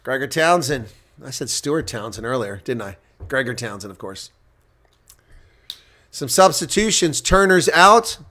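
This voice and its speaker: A man giving live reaction play-by-play commentary on a rugby match, getting loud on big plays and dropping to quiet asides. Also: medium pitch, sing-song, a little slow, long pauses.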